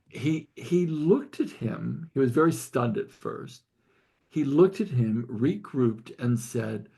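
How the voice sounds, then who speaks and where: A man's voice: mid-range voice, sing-song, slow, creaky, mellow, slightly rough. An older man leading a study group, telling a story earnestly and tearfully, often repeating and restarting his words. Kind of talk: emotional storytelling in a group call.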